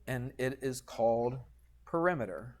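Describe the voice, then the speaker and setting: A man's voice: medium pitch, lively intonation, a little slow, a crowd in the background. A man teaching a geometry lesson in a classroom, patient and chatty, often checking in with the students. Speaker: high school math teacher.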